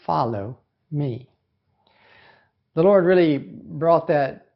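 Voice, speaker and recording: A man's voice: on the high side, dull audio. A man, a pastor, giving a casual devotional talk in a folksy, conversational way, with plenty of fillers and quotes acted out in other voices.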